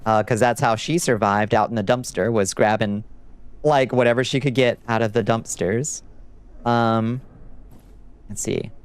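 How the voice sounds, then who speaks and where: Smooth-voiced man casually chatting while gaming. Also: lowish voice. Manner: loose and profane, rambling with fillers. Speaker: streamer. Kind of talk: casual gameplay chat with viewers.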